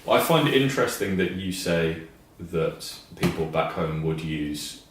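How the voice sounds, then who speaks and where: A man with a very deep voice chats as podcast co-host, measured and drily understated. He's recorded from a distance in a heavily echoing room. A faint background hiss sits under him. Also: animated. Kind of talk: casual chat. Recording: echoey room, distant mic.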